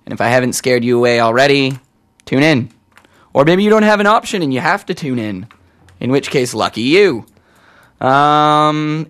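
A young man hosting a college radio show, chatting casually between tracks. He rambles, pokes fun at himself and fills his pauses with lots of ums. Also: medium pitch, fairly bright tone, clean tone. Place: radio studio.

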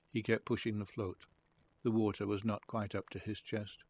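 A man reading a literary short story aloud. His narration is calm and measured. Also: on the low side.

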